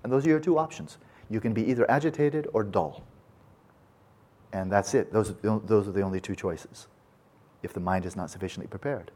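A male meditation teacher giving a dharma talk at a retreat, telling a parable in a folksy, animated way with casual asides. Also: lowish voice, fairly quick, long pauses.

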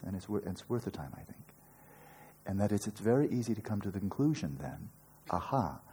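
Deep mellow-voiced older man teaching. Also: breathy edge. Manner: earnest, playful asides, rhetorical questions. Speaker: meditation teacher. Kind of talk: dharma talk to retreat students.

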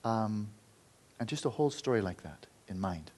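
A male Buddhist teacher tells a story during a dharma talk. His voice is low and breathy. He speaks earnestly, with restarts, and often drops to a hush. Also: animated, normal speed. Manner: earnest, loose storytelling with restarts and quiet stretches.

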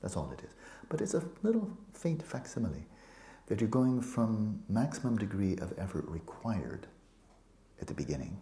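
A man teaching meditation to a retreat group, relaxed and playful, often sinking into a soft whisper and teasing students by name. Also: on the low side, normal speed. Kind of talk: dharma talk to a retreat group. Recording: echoey room with faint ambience.

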